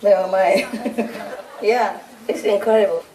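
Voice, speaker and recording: A woman's voice: medium pitch, slow, warm tone. A woman spiritual teacher giving an informal, teasing talk to a group of followers, laughing often. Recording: roomy hall, voice from a distant mic. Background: audience laughing.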